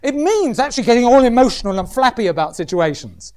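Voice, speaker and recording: A man's voice: very high-pitched, sing-song, fast talker, a little mellow, clean tone. A middle-aged man preaching a humorous sermon, often mimicking other voices.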